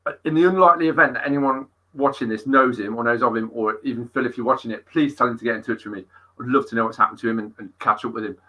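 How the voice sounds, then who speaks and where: A middle-aged man, a fitness coach being interviewed, telling stories in an animated way and swearing freely. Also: medium pitch, quick pace, poor audio. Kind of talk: casual interview storytelling.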